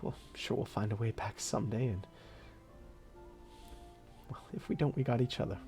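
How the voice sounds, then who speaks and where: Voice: mid-range voice, moderate pace, darkish tone, faint music behind, natural voice. A game master voicing a tender woman reunited with a loved one, who halts and stumbles over her words.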